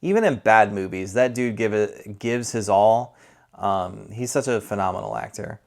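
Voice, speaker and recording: Man, film reviewer, somewhat low voice, chatty, rambling, self-correcting. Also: normal speed, vocal fry, darkish tone. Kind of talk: casual spoken movie review.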